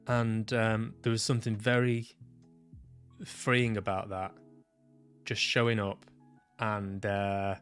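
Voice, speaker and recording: A man vlogging about his own experience, reflective and halting, often restarting his sentences and swearing casually. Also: lowish voice, fairly bright tone, smooth. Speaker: vlogger sharing personal experience. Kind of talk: reflective personal vlog monologue.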